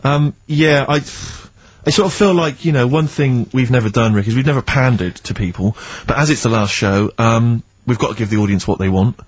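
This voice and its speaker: A man's voice: medium pitch, moderate pace, few pauses, husky, dry recording. A man co-hosting a radio show in a studio, trading dry, sarcastic banter. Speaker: radio co-host. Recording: dull lo-fi radio broadcast.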